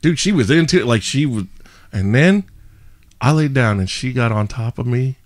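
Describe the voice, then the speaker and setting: A man's voice: medium pitch, animated, moderate pace. A young man, a podcast host, telling a story animatedly with frequent laughter and self-mocking asides. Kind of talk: casual storytelling.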